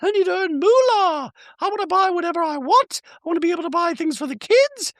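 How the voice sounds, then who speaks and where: A breathy, glamorous, self-absorbed woman, as a man puts her on in falsetto, gushing about herself with squeals and baby-talk noises. The voice sits very high and swoops around, with a thin, airy tone. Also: lively intonation, brisk, a bit bright, dry recording, clean studio sound, heavily acted. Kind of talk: comedic impression.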